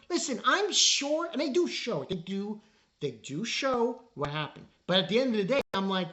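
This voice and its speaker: A man reviewing an anime episode in a casual spoken style, exasperated and rambling, halting on fillers. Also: high voice, big pitch swings, bright, forceful tone.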